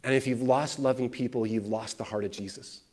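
In a sermon built around stories, a male pastor speaks a little fast in a mid-range voice. He narrates with lively energy and imitates the voices of the characters he quotes.

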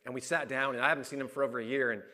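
A man's voice: medium pitch, steady tone, rapid-fire, sharp tone. A middle-aged male pastor preaching a sermon, speaking candidly with restarts and repeating phrases for emphasis. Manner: personal and candid, many restarts and fillers.

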